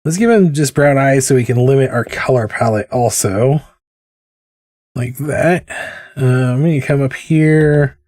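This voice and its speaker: A man's voice: medium pitch, unhurried, a little mellow, no echo, studio quality. A man chatting casually while he draws, drifting off on tangents and poking fun at himself. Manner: rambling, tangent-prone, self-mocking. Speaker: artist streaming a drawing session. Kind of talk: casual chat while drawing.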